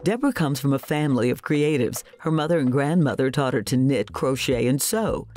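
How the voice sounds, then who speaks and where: A woman hosts a television interview, voicing segment narration and questions to her guest. Her pitch rises and falls a lot, giving her delivery a lively lilt. Faint music sits low behind her voice. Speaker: TV interview host.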